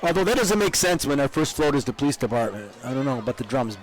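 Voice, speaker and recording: A man's voice: mid-range voice, very animated, fast, poor audio. An older man from upstate New York, co-hosting live parade coverage outdoors, chatty and rambling, with frequent laughs. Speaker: parade co-host.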